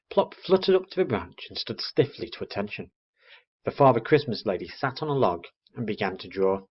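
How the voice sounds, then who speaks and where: A man teaching a primary school lesson, reading a children's story aloud in an expressive storytelling manner. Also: on the low side, moderate pace, slightly rough. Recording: dull lo-fi recording.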